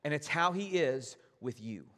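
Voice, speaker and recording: A man preaching a sermon as pastor, gentle and earnest, addressing his congregation directly. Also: a little high, expressive, measured pace, long reverb tail.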